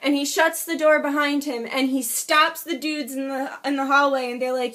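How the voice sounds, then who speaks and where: A young woman casually telling a personal story, emphatic and swearing, acting out shouted quotes. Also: high voice, fairly even intonation, moderate pace, hardly any pauses. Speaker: storyteller vlogger.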